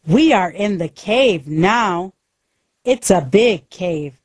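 A woman narrates a simple story aloud in a careful, deliberate reading. Her pace is very slow and her pitch moves lively up and down. The sound is dry and close. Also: no echo.

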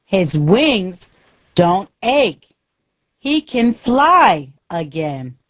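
A woman narrating a simple children's story in short, deliberate sentences. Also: medium pitch, sing-song, no echo. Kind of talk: scripted narration of a simple graded-reader story.

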